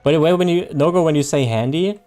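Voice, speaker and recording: A man's voice: fairly high pitch, fast, dark tone, soft background music. A man chatting casually on a live game stream, reading viewer chat, joking and laughing often.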